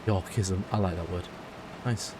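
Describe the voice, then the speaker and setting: A man's voice: low voice, fairly even intonation, unhurried, background noise. A man from the UK streaming a farming game, chatting casually and rambling as he answers his viewers. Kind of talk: casual live-stream chat while playing.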